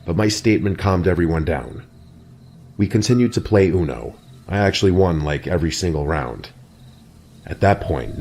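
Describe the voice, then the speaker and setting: A man narrating a scripted horror story in a steady, even storytelling delivery. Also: low-pitched. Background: soft background music.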